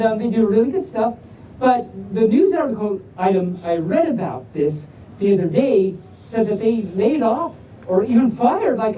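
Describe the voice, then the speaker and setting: A woman's voice: on the high side, dark tone. A woman hosting a playful live story reading at a convention, rambling goofily and poking fun at her own jokes. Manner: goofy, rambling, self-mocking jokes. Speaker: storyteller host. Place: convention room with live audience. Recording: echoey room, distant mic, faint noise.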